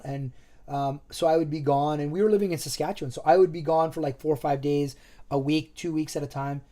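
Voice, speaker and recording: A man in a casual chat, telling a long personal story in a loose, rambling way and acting out what people said. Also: fairly high pitch. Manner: animated, acts out quoted dialogue.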